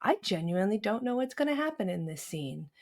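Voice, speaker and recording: A chatty, animated woman in her thirties hosts a casual film podcast. She talks in a mid-range voice and laughs easily, moving loosely from thought to thought. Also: medium pitch, brisk. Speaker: podcast host.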